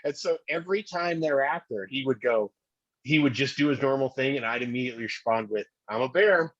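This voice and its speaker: A man's voice: medium pitch, brisk. A middle-aged man and podcast co-host telling a rambling, self-deprecating story about his son in casual chat. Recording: dull lo-fi recording.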